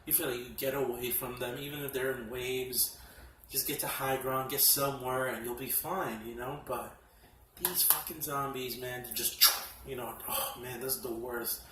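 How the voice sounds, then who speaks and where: A man casually reviewing horror films from his collection, excitable and profane, often laughing as he talks. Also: mid-range voice, moderate pace, background noise. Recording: echoey room, mic at a distance.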